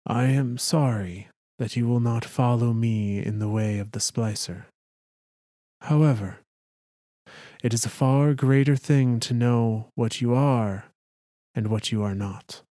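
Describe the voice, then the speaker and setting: A man voicing an old male alien clan leader who speaks in a calm, measured, gentle way. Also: medium pitch, no room sound, studio quality, lightly acted.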